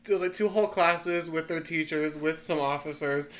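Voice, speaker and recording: A young woman co-hosting a casual chat podcast, a relaxed storyteller who restarts her sentences and laughs softly as she talks. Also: deep voice, moderate pace, a little hiss or hum. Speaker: podcast co-host.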